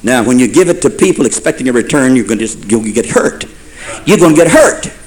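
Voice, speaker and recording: A man's voice: medium pitch, expressive, a little fast, darkish tone, low-quality recording. A man preaching a sermon in a folksy storytelling way, building to fervent repeated phrases.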